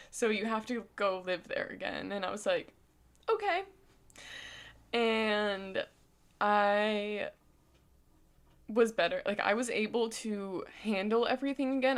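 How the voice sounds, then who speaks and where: A woman in her twenties telling a personal story, emotional and casual, her voice going shaky and soft at times. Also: on the high side. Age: 20s. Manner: emotional, voice goes shaky and soft, casual filler-heavy talk. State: close to tears. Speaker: vlogger.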